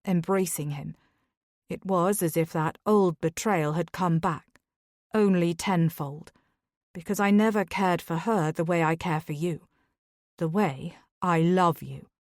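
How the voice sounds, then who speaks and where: Woman voicing a grim remorseful victorian nobleman, lowish voice, dry. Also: unhurried, no echo, natural voice. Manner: grave, hoarse-edged apology.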